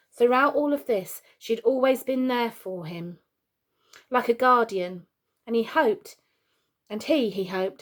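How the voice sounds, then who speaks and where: A teacher reads a chapter of a children's storybook aloud in a medium-pitched voice, at a plain, even pace. Her delivery is relaxed and natural, with occasional stumbles over a word that she then restarts.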